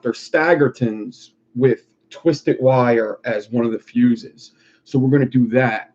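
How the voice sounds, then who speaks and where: A man's voice: mid-range voice, darkish tone. A man chatting casually on a live stream while he builds, rambling and profane. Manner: rambling, profane, laid-back. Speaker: streamer making wire art. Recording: lo-fi muffled recording.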